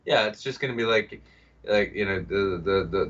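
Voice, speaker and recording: A man's voice: fairly low pitch, steady tone, a bit bright. A man co-hosting a live-streamed podcast, teasing his guests in casual banter and slipping into silly voices for quoted bits. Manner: joking, teasing, quick voice switches for quoted bits. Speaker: co-host. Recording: dull lo-fi sound, a bit distant from the mic.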